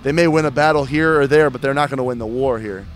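A man's voice: mid-range voice, quick pace, slight background noise. A man earnestly talking about his faith in a casual interview, often repeating words as he goes.

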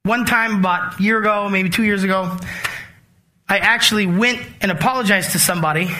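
A man preaching in a conversational, animated sermon. His voice sits high and rings bright, and he slips into acted-out asides as he talks to the congregation. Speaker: pastor.

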